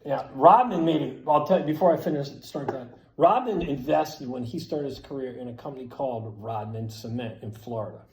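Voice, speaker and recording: A man's voice: medium pitch, brisk, few pauses, reverberant, poor audio. A man telling a story casually and with energy, cursing freely and acting out the lines of the people in it. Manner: animated, profane, acts out quotes loudly. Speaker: storyteller at a skate event.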